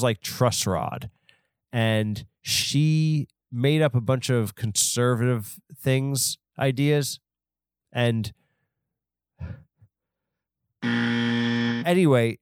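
A man's voice: mid-range voice, no echo, studio quality. A man hosting a podcast, rambling through an off-the-cuff comedic story and mocking himself as he goes. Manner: self-deprecating, rambling, off the cuff. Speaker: podcast host.

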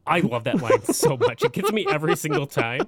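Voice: mid-range voice, wildly swooping pitch, fairly quick. Cohost chiming in w short jokes, voice swoops all over. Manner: short chiming interjections and quips. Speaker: podcast co-host. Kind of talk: casual chat.

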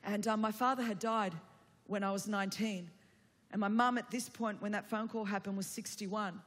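A woman's voice: medium pitch, fairly even intonation, moderate pace, fairly bright tone, big-room sound. A woman, telling a personal story from the pulpit in a chatty, humorous sermon. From Australia. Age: 40s. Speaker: preacher.

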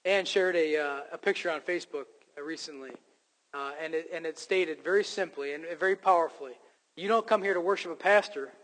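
A man's voice: fairly high pitch, fairly quick, fairly bright tone. A man preaching a sermon as pastor, speaking emphatically and joking at his own expense. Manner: emphatic preaching with self-deprecating jokes. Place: church sanctuary. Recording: long hall reverb from a church sanctuary.

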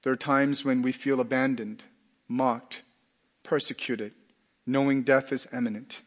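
A middle-aged male pastor preaching a sermon earnestly, dropping to a hush and then rising to loud emphatic lines. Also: mid-range voice, steady tone, measured pace, in a large hall.

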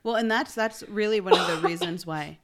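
A woman's voice: mid-range voice, fairly quick, a loud crowd. A woman co-hosting a podcast, speaking reflectively in casual chat and laughing easily with her co-hosts. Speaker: podcast co-host.

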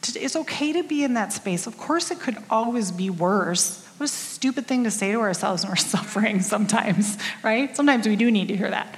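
A woman's voice: on the high side, lively intonation, brisk, few pauses. A middle-aged woman giving a conversational sermon as a church speaker, candid and self-deprecating, with lots of casual fillers. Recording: long reverb of a large hall.

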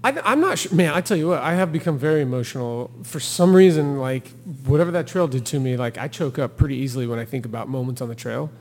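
A man's voice: mid-range voice, fast talker, few pauses, long reverb tail. A man, a thru-hiker guest on a podcast, telling his story in casual talk and acting out the quotes with laughter. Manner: animated storyteller who acts out quotes and laughs.

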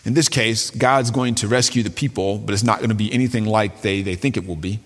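A man's voice: fairly low pitch, a little fast. A man preaching a sermon in a conversational way, with colloquial asides and frequent restarts. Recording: long hall reverb.

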